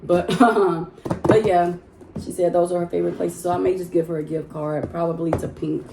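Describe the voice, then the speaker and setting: A woman vlogging in casual chat from her home, talking to her viewers in an animated, chatty way and laughing often. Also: on the low side, moderate pace, creaky, noisy background. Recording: roomy echo in a home room.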